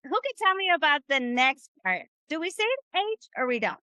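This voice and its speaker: The teacher, a woman with a high-pitched, bright tone, runs a live online Spanish lesson at normal speed, very animated, upbeat and encouraging while drilling phrases together. It sounds dry and close, no echo.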